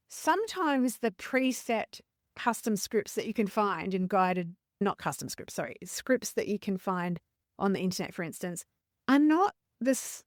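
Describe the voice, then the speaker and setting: Woman, podcast host, earnest chatty coaching tone, mid-pitched voice, dry close-mic sound. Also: no echo. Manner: earnest, conversational, self-correcting. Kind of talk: podcast monologue.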